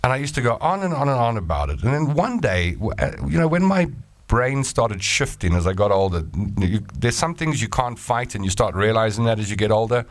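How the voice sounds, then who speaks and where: Very animated and fairly quick, the South African man's medium-pitched voice comes through with no echo. Hosting his casual solo chat show, he reads listener messages in a jokey, playful manner with plenty of rambling asides.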